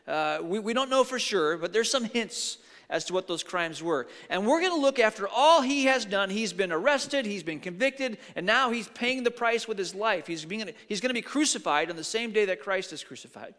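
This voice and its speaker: Middle-aged pastor guy preaching, high bright voice, big echoey church hall. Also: moderate pace, hardly any pauses. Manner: animated storyteller acting out quotes. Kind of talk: sermon with storytelling. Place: large church sanctuary. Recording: long hall reverb.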